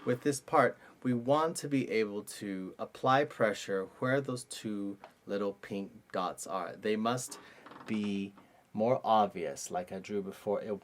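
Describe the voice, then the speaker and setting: A man's voice: lowish voice, animated, a little slow. A man teaching an online cello lesson, explaining step by step and now and then singing note rhythms aloud.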